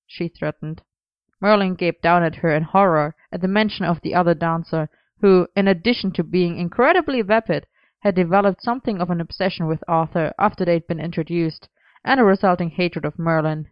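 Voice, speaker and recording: Female audiobook reader, smooth and lowish, even and unhurried; dry, slightly dull recording. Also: dry recording. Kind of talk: storybook narration.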